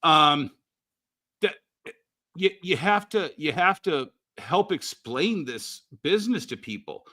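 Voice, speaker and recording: A man talking casually on a podcast, telling anecdotes with frequent restarts. His voice is bright and forward. It sits a little high. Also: lively intonation, takes it slowly. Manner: chatty, anecdotal, stammers on restarts. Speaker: podcast co-host, comic retailer. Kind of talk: casual chat.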